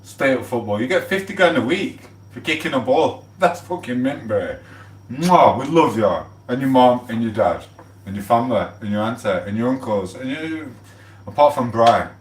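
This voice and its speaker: A man, rambling and swearing casually as he gives shout-outs on his livestream. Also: mid-range voice, animated, normal speed, recorded from a distance. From England. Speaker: livestream host. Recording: echoey room, off the mic.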